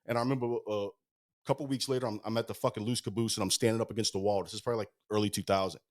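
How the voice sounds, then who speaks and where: Fast-talking, foul-mouthed man. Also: fairly low pitch, steady tone, a little mellow. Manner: fast-talking, heavy swearing, rambling anecdotes. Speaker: guest musician. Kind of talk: casual storytelling. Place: podcast studio.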